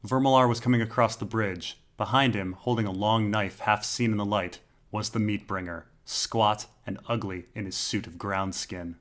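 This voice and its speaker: A man narrating a dark fantasy story in a slow, measured, dramatic way. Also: on the low side, steady tone. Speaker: audiobook narrator.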